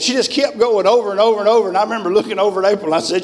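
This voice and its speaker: A man's voice: sits high, steady tone, rapid-fire, hardly any pauses. A man preaching a revival sermon in a church, fervent and emphatic. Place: church sanctuary. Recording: long church-hall reverb.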